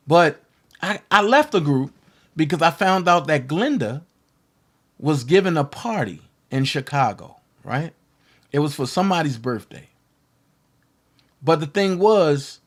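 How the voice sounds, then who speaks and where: Rambling man telling a story on his channel. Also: on the high side. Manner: rambling, conversational, restarts and asides. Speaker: commentary channel host. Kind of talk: casual livestream storytelling.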